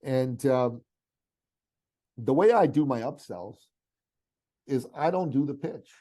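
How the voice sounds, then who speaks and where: A middle-aged man from Iran, a guest on a podcast interview, tells a story in an animated, heartfelt way, tossing in casual asides to the host. His voice is warm and mellow, sitting at an ordinary pitch for a man. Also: slow pace. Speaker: podcast guest, business coach.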